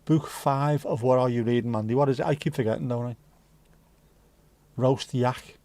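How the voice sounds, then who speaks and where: Jokey Scouse man with a mellow voice. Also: medium pitch, fairly quick, vocal fry, dry recording. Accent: Liverpool (Scouse). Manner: jokey, rambling, swears freely. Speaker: livestream host. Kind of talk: casual chat reading viewer comments.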